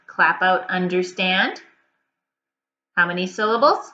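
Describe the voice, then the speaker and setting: A woman teacher giving a reading lesson to young children, slow and encouraging, repeating each prompt. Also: mid-range voice, animated, sharp tone, lo-fi sound, slight background noise.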